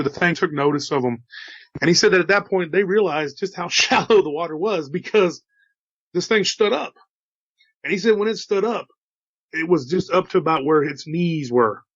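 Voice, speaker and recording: A man from Texas with a slight drawl narrates encounter stories at normal speed in a fairly high, somewhat bright voice. The audio is dry and dull, and he keeps things casual and chatty with folksy comments to his listeners.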